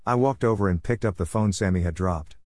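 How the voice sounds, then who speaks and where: A man narrating a first-person story in a calm, measured, patiently firm way. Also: sits low, no echo.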